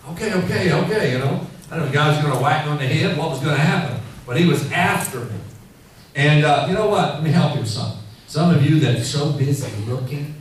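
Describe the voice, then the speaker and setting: Preacher in a very echoey hall. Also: male voice, on the high side, a little fast. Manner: rambling, animated storytelling with many fillers. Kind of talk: sermon. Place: church hall. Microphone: handheld mic. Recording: echoey hall, mic heard from far off, faint noise.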